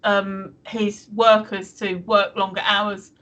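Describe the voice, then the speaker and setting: A woman's voice: mid-range voice, level tone, slow pace, a bit bright. A woman co-hosting a live stream chat show, rambling through restarts and fillers and laughing often.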